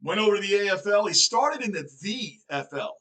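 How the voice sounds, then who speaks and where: A man with a New York accent, chatting casually as he hosts a reaction video, excitable and full of self-questioning asides. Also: sits high, brisk, poor audio. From Northeastern United States.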